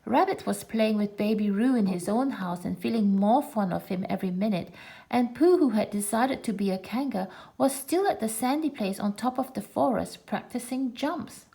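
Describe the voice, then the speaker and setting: Woman narrating a kids storybook, clear and expressive, a bit high. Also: normal speed. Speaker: storybook reader.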